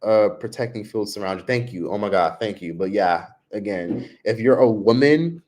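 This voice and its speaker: A man's voice: lively intonation, moderate pace, darkish tone. Man livestreaming from his laptop, casual and rambling. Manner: chatty, frequent "like", mimics others in high voices. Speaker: livestream vlogger.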